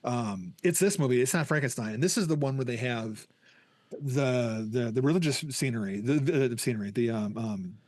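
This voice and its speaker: A man's voice: mid-range voice, normal speed, a little mellow, no room sound. A man hosting a podcast, chatting casually and enthusiastically, often stumbling and restarting. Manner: enthusiastic, rambling with many restarts. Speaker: podcast host. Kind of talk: casual chat.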